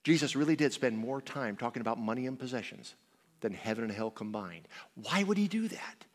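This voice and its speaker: Animated male preacher in a reverberant church. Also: a little fast. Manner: animated storytelling with big swings in pitch and volume. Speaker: guest preacher. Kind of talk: sermon. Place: church sanctuary.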